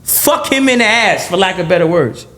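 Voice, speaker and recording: A man being interviewed on a podcast, talking in an animated, blunt and profane way, often repeating and restarting his phrases. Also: high-pitched, moderate pace. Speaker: podcast guest.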